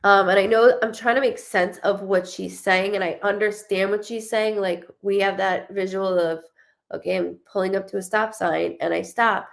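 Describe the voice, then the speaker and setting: A woman giving a live psychic reading, chatty and animated, often restarting her sentences as she relays messages. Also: mid-range voice, moderate pace, vocal fry. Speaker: psychic medium.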